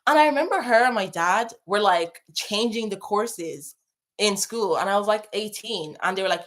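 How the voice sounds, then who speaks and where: A woman's voice: mid-range voice, lively intonation, normal speed, a bit bright. A young woman hosting a casual advice chat, talking in a chatty, emphatic way and repeating phrases for stress. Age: young adult. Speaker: advice host. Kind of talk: casual advice chat reading viewer messages.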